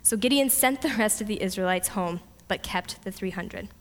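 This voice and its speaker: A woman's voice: medium pitch, normal speed. Woman preaching in a reverberant hall. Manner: lively storytelling, voices God and Gideon playfully. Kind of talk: sermon.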